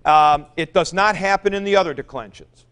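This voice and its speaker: A man's voice: high-pitched, normal speed, a bit bright, clear, resonant tone. A middle-aged man teaching a Greek grammar class, explaining patiently in a classroom. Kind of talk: classroom lecture.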